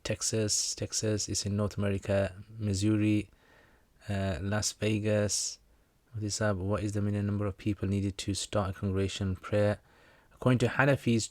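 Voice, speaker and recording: Man, low voice, casual livestream Q&A host, joking and easygoing, dry close sound. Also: no room sound. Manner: relaxed, joking, reads out viewer comments. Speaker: Islamic teacher answering viewer questions.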